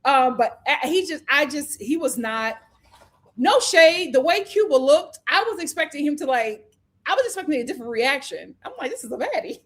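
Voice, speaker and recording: A woman's voice: high-pitched, expressive, moderate pace. A woman hosting a casual live review of a reality dating show, chatty and opinionated, acting out what the cast said. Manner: chatty, opinionated, acts out cast members' lines.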